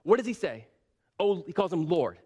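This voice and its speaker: High-voiced man preaching conversationally. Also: normal speed, breathy edge. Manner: conversational, animated retelling with frequent "like". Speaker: pastor. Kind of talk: sermon.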